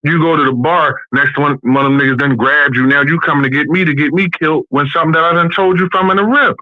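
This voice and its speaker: A bluntly ranting man with a fairly high voice, swearing freely. The sound is dull and lo-fi, dry, like a call-in. He talks from a bathroom at home. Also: fast, dry recording. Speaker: podcast guest. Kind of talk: casual opinionated chat.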